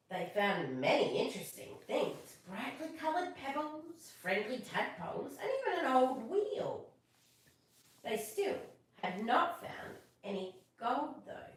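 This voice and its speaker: A woman reading a children's story aloud on a live stream, expressive, chatting with viewers between pages. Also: high voice, takes it slowly, distant mic. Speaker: storyteller host. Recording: echoey room, voice off-mic.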